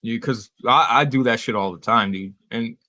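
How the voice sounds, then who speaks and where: A man's voice: medium pitch, moderate pace, bright, forceful tone. A man co-hosting a casual gaming podcast, talking in a laid-back, profane way. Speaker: podcast co-host. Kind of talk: casual chat.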